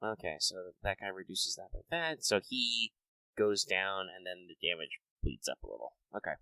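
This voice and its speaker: A man serving as game master for a tabletop game, patiently walking players through dice and damage rules. His voice is bright and forward, with a mid-range pitch, and the recording sounds dry and close. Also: expressive, moderate pace, gravelly, no echo, poor audio. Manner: explains rules with frequent ums and restarts.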